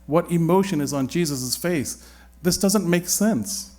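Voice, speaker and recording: A man's voice: fairly high pitch, a little slow, a little mellow. A man leading a Bible study, talking it through in a searching, conversational way with frequent restarts.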